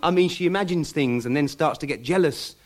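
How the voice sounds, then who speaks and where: A man's voice: a little high, a little fast, lightly acted. An actor playing a fussy male pier co-owner ruled by his mother, talking in a prim, flustered way in a radio sitcom. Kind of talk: 1990s radio sitcom acting. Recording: hissy archive radio broadcast.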